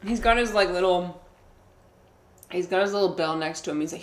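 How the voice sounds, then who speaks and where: A woman's voice: on the low side, a little fast, long pauses. A young woman streaming a game, chatting casually with her viewers and laughing often. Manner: giggly, chatty, reacts to chat. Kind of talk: casual chat while gaming.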